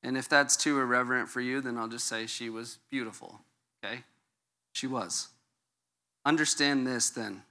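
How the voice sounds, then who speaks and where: A man's voice: mid-range voice, normal speed, long pauses, bright, forceful tone. A middle-aged man preaching a conversational sermon as a pastor. He jokes and keeps checking in with the listeners. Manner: casual and joking, checks in with the audience.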